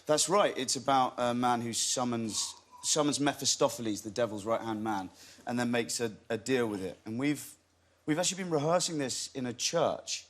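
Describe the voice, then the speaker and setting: A man's voice: mid-range voice, moderate pace, a bit bright. A young man, an actor and talk show guest, telling anecdotes easily and chuckling at himself. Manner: easygoing, self-deprecating, chuckles while telling stories. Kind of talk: chat show interview. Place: TV studio.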